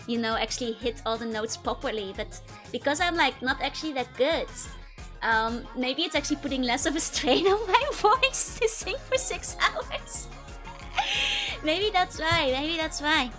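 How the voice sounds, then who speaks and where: A woman streamer chatting casually with her viewers in a squeaky, hamster-like voice, giggling often. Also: big pitch swings, normal speed, fairly bright tone, soft background music. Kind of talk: casual live-stream chat.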